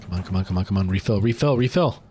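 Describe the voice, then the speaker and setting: A man's voice: deep voice, animated, fast talker, over music. A young man streaming a game live, chatting with his viewers and yelping in panic when attacked. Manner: chatty, jumps to loud panicked yelps in fights. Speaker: livestreaming gamer.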